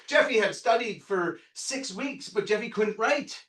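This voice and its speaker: Man, 50s, sales trainer, excitable, yells when worked up, high voice, echoey distant room. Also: moderate pace, few pauses. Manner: excitable, loud, bursts into yelling; quizzes the audience, punchy and profane. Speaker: real estate sales trainer. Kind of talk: live workshop talk to a room. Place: meeting room with a live audience.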